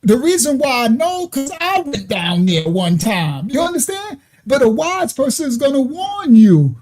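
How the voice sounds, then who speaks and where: Over a crowd in the background, a man with a very high voice and big pitch swings speaks at normal speed. He's a ministry livestream host who teaches casually, answers viewer comments, tells rambling stories, laughs often, and keeps asking "right?".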